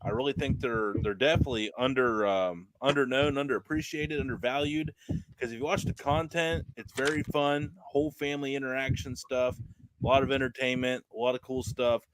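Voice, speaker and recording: A man's voice: medium pitch, steady tone, a little fast, rough recording. A man hosting a podcast in a casual, rambling, self-mocking chat. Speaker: podcast host.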